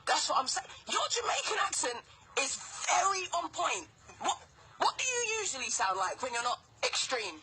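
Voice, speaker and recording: High, lively woman radio host. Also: a little hiss or hum. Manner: excitable, enthusiastic, quick to laugh. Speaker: radio presenter. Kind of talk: morning radio interview.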